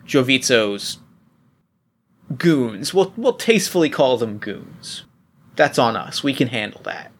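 A man voicing a shrewd older woman, an armed underground fixer, who lays out calm, businesslike offers with frequent restarts. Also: mid-range voice.

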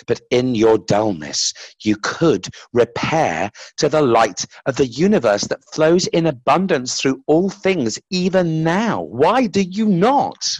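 A man's voice: on the high side, very animated, no room sound, pitched above the performer's own voice, exaggerated voice. A man voicing a sad, patient God. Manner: slow, gentle and questioning.

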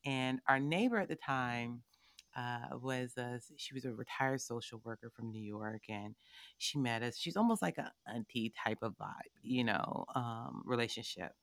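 A woman in her thirties, a board member, telling her family's story in an emphatic, animated way with pointed asides to the listener. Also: extremely low pitch, moderate pace, no echo, studio quality. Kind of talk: personal storytelling in a conversation.

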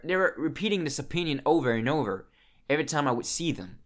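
A man's voice: on the high side, very animated, quick pace. A young man vlogging in a casual, emotional monologue, swearing often and restarting his sentences as he talks about his feelings.

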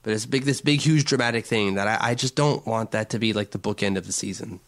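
On a casual sports podcast, a co-host with a lowish voice talks quickly. He isn't from Long Island, and his speech rambles, with frequent self-corrections and stammering restarts.

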